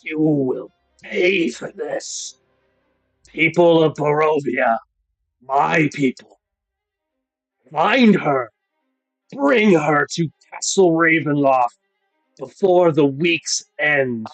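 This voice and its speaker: A man voicing a wrathful, commanding vampire lord who delivers drawn-out, booming threats in a tabletop game. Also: animated, dry recording, faint music behind, heavily acted. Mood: furious, commanding.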